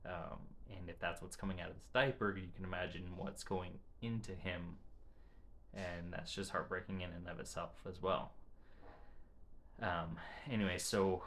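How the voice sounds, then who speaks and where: A man giving a casual vlog update about his family, talking in halting phrases and often restarting them, into a camera he adjusts himself. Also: low voice, steady tone, fairly bright tone, a little hiss or hum.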